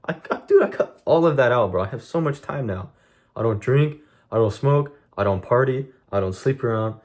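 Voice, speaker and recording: A man's voice: mid-range voice, lively intonation, normal speed, a little mellow. A young man streaming a blunt, profane monologue to his chat, venting intensely about discipline and cutting things out. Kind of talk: casual vlog monologue to chat.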